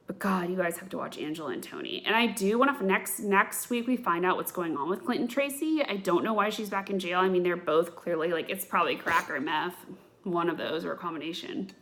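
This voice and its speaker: A woman in her thirties rants casually as a podcast host, blunt and gossipy as she rambles from one thing to the next. Her voice sits a little low and carries a gravelly, fry-laced edge. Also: fairly bright tone. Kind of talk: casual rant to camera.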